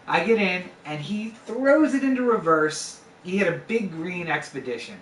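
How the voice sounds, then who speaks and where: A man's voice: high voice, animated, normal speed, hardly any pauses, slight background noise. A man in his twenties casually telling a true story, full of fillers and swearing. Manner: conversational, swears freely, lots of fillers. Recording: echoey room, voice a bit far from mic.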